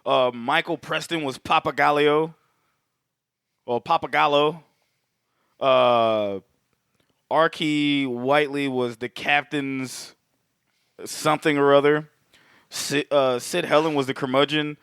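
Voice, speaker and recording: A man's voice: fairly high pitch, fairly even intonation, slow, gravelly, pauses often, fairly bright tone, smooth, no echo, clean studio sound. A man co-hosting a podcast in casual, joking, profane banter, sometimes reading notes in a dramatic announcer tone. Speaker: podcast co-host.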